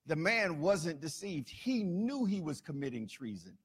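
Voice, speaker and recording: A man's voice: on the high side, big pitch swings, measured pace, slightly rough. A man preaching a sermon, building emphasis through repetition and dropping into casual asides. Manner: colloquial asides.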